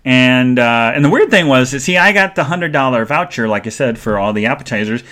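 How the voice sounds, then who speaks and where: A man's voice: lively intonation, a little fast, sharp tone. A male host chatting live to his audience, rambling from one story to the next. He talks in a loose, casual way, full of fillers and restarts. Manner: greets chat viewers in a sing-song high voice. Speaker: podcast host. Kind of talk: live-stream casual chat.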